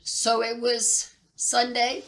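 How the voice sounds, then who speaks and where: A middle-aged woman telling a personal story near tears, halting and repeating herself with pauses. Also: on the high side, completely flat delivery, a bit bright. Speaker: vlogger sharing personal loss. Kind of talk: tearful personal account.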